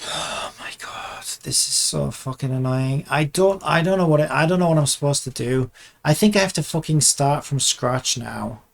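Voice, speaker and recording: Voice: mid-range voice, moderate pace, vocal fry. Swearing, exasperated game dev muttering. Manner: trails off and restarts sentences while working. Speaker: game developer vlogger. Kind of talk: casual dev vlog commentary while working.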